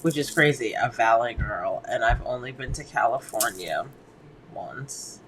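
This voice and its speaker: A man from Massachusetts talks in a relaxed, slangy way, taking his time over each thought. He swears casually and laughs often, at a mid-range pitch. A faint hum sits behind him. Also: unhurried, poor audio. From Massachusetts, near Boston. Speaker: podcast co-host. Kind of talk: casual chat.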